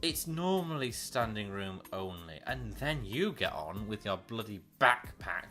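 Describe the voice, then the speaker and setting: A man's voice: fairly low pitch, big pitch swings, unhurried, sharp tone, soft background music. A man in his late twenties from the North of England with a Northern English accent, ranting sarcastically to camera in a vlog and swearing freely. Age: late 20s. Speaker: vlogger.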